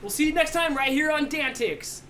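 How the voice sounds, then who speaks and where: A man hosting a live call-in trivia game show from home, talking fast and joking as he rambles between questions. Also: extremely high pitch, expressive, pushed and bright, a little hiss or hum. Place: home studio.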